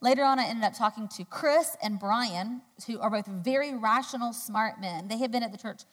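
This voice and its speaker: A woman giving a sermon, telling a personal story in a chatty, animated way with loud, high quoted outbursts. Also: moderate pace. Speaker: church speaker. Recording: long hall reverb.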